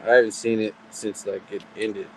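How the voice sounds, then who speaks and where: A man in a casual podcast chat, speaking quietly and hesitantly, often trailing off. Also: on the low side, flat delivery, normal speed, a little hiss or hum, rough recording.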